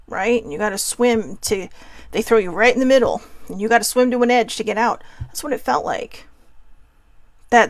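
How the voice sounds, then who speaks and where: A woman's voice: fairly high pitch, creaky, no echo. A woman hosting a show, talking candidly and emotionally about her own healing, often restarting her sentences. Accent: Hawaiian. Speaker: host. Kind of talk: personal reflective monologue.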